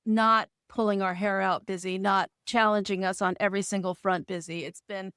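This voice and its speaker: Animated woman telling a story. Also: mid-range voice, moderate pace, clear, resonant tone, dry recording, studio quality. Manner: animated storyteller who acts out dialogue and laughs. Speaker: podcast guest. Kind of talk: storytelling interview.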